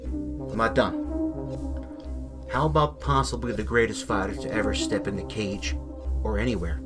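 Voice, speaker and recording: A man hosts a podcast and hypes up an announcement, teasing his listeners as he builds up each reveal. His voice sits fairly low. Clear music plays under him. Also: moderate pace. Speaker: podcast host. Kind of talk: hyped show announcement.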